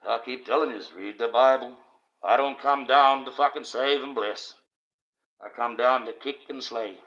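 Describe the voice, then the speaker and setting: A man's voice: mid-range voice, steady tone, normal speed, a bit bright. Swearing, ranting man on a livestream. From Australia. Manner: coarse, swearing, repetitive ranting. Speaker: livestream host. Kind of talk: profane rambling monologue. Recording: dull lo-fi stream audio.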